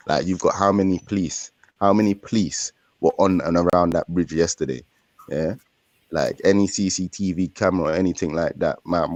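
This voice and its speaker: This young male co-host has a low, somewhat mellow voice and a London accent. He chats casually on a podcast, using streetwise slang and meandering through his points.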